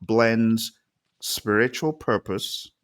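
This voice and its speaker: A man's voice: on the low side, extremely slow, a bit bright. A man hosting a live-streamed interview who talks with enthusiasm, exclaims often and reads viewer comments aloud. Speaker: interview host.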